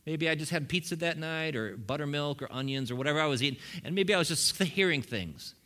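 A middle-aged man preaching a sermon, telling his story in an animated way with humorous asides. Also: fairly high pitch, quick pace. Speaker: pastor. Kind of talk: sermon testimony.

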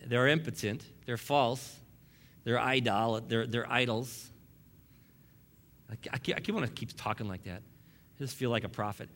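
A man's voice: medium pitch, normal speed, creaky, a bit bright. A man preaching a sermon as pastor, emphatic and fond of repeating key lines, with wry asides to the congregation.

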